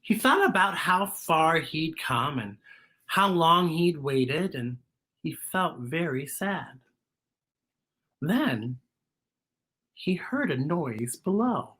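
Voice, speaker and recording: A woman's voice: low-pitched, big pitch swings, takes it slowly, long pauses, fairly bright tone, slightly rough. A woman hosting a children's storytime, reading a picture book aloud and asking her young listeners questions, sometimes dropping to a whisper.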